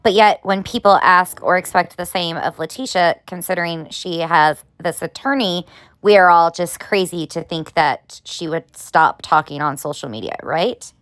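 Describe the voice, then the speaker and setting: A woman's voice: on the low side, moderate pace, fairly bright tone, no room sound. A woman hosting a commentary video, talking through clips with pointed, sarcastic questions. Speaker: commentary host. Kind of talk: drama commentary.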